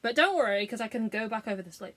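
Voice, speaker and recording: Bright, giggly woman chatting. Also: a little high, animated, very fast. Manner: sweary, giggly, self-mocking. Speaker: beauty vlogger. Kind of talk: casual makeup tutorial chat.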